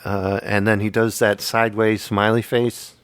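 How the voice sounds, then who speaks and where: A man's voice: on the low side, moderate pace, smooth, no room sound. A man in his fifties hosting a casual podcast chat, joking and laughing often as he tells stories. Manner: jokey, laughs often, animated storyteller. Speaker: podcast host.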